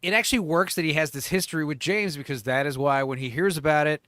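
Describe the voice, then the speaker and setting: A man with a slightly high voice hosts a casual live horror panel. He rambles, restarts his sentences and slips into quoted lines. The sound is dry and close. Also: fast talker, a bit bright, no room sound. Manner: rambling, many fillers and restarts, acts out quotes. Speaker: host of horror movie panel.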